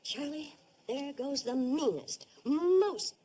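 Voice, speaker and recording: An actress playing a warm but fretful hotel owner who talks excitably and worries aloud. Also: female voice, high voice. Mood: fretful lively. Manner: excitable and quick to worry. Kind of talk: 1960s sitcom acting.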